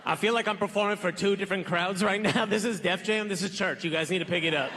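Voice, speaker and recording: A man's voice: high-pitched, quick pace. A young man performing a stand-up comedy set on a big stage, casual and punchy, with slangy asides. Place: large theater stage with live audience. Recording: live hall with crowd noise. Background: audience laughter and applause.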